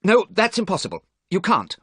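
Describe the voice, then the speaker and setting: A vain young gentleman drawls with cold, bored dismissal in a storybook reading, as a man puts him on. His voice sits well above the reader's own and swings widely, recorded dry and close. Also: sits high, big pitch swings, moderate pace, husky, no echo, voice pushed up, heavily acted. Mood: alarmed.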